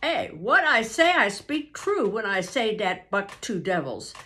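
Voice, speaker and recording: A grandmother voicing a boisterous, gleeful male sled-dog driver who speaks broken English in a loud, high, crowing voice. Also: big pitch swings, slow, exaggerated voice.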